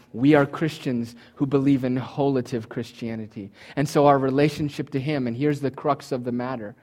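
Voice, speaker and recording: Preacher man with big swings in volume. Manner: preaching with sweeping swings from loud emphatic peaks to soft low asides; acts out the listener's imagined thoughts in quoted voices. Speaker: pastor. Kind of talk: sermon.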